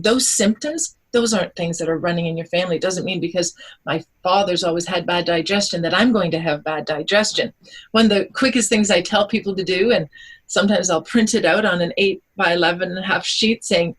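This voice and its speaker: A woman, a holistic nutritionist, explaining things in an animated way on a radio interview. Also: lowish voice, brisk, rough recording. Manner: animated, explanatory, acts out quotes.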